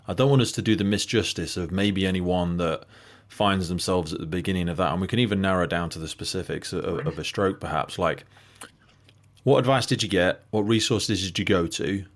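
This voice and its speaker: A man's voice: deep voice, brisk. A man in his thirties from the UK hosting a podcast, asking long, thoughtful, winding questions. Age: 30s. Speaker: podcast host. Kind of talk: podcast interview.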